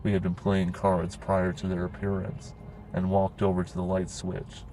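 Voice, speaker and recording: A man narrating a horror story in a grim, steady storytelling manner. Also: low-pitched, moderate pace, slight background noise, poor audio.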